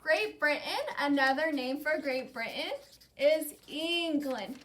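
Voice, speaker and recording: A woman teacher with a high, bright voice runs a call-and-response lesson. She speaks unhurriedly and says each term clearly so the class can echo it. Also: animated, slight background noise. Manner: says each word slowly and has the class repeat it.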